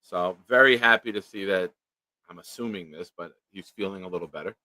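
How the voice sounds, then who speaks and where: A man's voice: low-pitched, a little fast, bright, forceful tone, no room sound. A man hosting a casual live-stream chat, joking around and reading viewer comments aloud. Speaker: show host.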